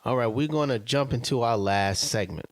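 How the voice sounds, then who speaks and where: A man hosting a podcast interview, reading his statements deliberately and giving brief affirmations. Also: medium pitch, no echo, clean studio sound. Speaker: podcast host. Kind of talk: interview questions.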